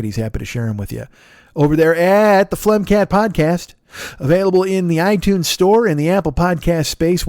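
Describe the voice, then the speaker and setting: A tired man in his forties hosting a comedy podcast, rambling through shout-outs with yawns, swearing and self-mockery. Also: mid-range voice, no room sound, studio quality. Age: 40s. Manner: rambling, profane, self-mocking, sleepy. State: tired and yawning. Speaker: podcast host. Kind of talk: solo comedy podcast plug segment.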